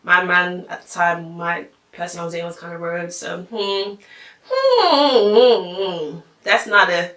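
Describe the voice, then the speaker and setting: A woman's voice: on the low side, completely flat delivery, normal speed, hardly any pauses, sharp tone. A young woman telling a story in casual, rambling vlog talk, full of slang and fillers. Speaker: vlogger. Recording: echoey room.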